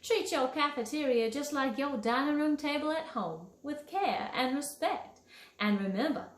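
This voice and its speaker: A sugary, prim fairy lady scolding about manners in a honeyed Southern drawl, as a woman reads her aloud from a storybook. She sweetens every correction with pet names, in a fairly high voice. The sound is echoey, as if in a bare room. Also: moderate pace, natural voice. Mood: sweetly scolding. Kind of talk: storybook reading.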